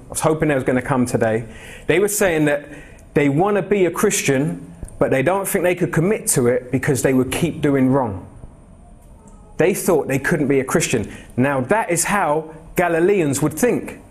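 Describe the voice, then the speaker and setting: A man's voice: fairly high pitch, expressive, normal speed. A young man preaching an expository sermon in a church, talking to the congregation in a conversational, direct way and putting questions to them. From England. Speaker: pastor.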